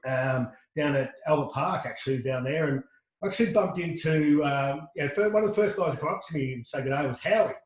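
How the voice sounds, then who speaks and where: A middle-aged Australian man, a podcast guest, tells a lively anecdote full of restarts and quoted dialogue. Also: fairly high pitch, fairly quick, echoey room, rough recording. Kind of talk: casual storytelling.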